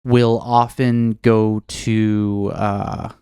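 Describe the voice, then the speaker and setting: A man's voice: lowish voice, level tone, extremely slow, mellow, clean tone, no echo. Chatty young man on a dry mic. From US Pacific Northwest. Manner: chatty, restarts and lots of fillers, breaks into impressions. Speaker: podcast co-host. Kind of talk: casual chat over drinks.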